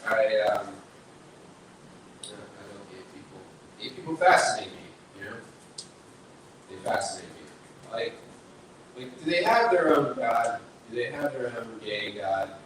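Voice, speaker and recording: A man's voice: on the low side, expressive, a little slow, long pauses, fairly bright tone, distant mic. A young man doing a stand-up set at an open mic, rambling with lots of filler words. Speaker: stand-up comedian. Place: small bar performance space. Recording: echoey room picked up from afar, noisy.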